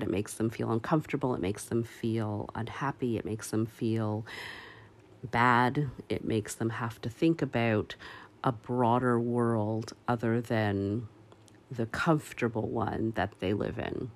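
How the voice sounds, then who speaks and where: A man with a medium-pitched, steady voice gives earnest opinion commentary. He speaks slowly and haltingly, with lots of pauses and fillers, but lands firmly and emphatically on key words.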